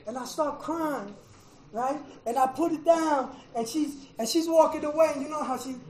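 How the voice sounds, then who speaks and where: A middle-aged man telling his recovery story to a meeting, emotional, with a preacher-like rhythm, going from hushed to shouting and repeating "man.". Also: very high-pitched, normal speed, echoey room, rough recording. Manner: preacher-like, repeats phrases, says "man" often. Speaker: recovery speaker at a fellowship meeting. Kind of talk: personal testimony to an audience.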